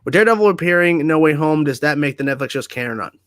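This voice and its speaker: A man's voice: fairly high pitch, lively intonation, racing, fairly bright tone, no echo, clean studio sound. A man hosting a casual livestream from home, chatting easily and reading viewer comments aloud before answering them. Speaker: livestream host.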